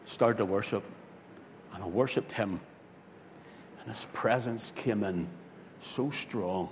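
A man, a pastor telling a story in a sermon, swinging from loud, excited bursts to hushed tones. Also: slow pace. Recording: hall reverb with faint rumble.

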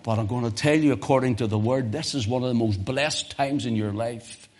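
A man preaching a sermon as pastor, emphatic, swinging from loud exhortation to near whispers. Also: mid-range voice, fairly quick.

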